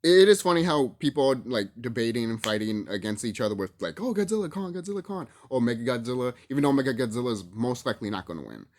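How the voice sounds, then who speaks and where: Man, casual rant, lively swinging pitch, swears, laughs, repeats himself. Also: fast, hardly any pauses. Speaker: YouTube movie commentator.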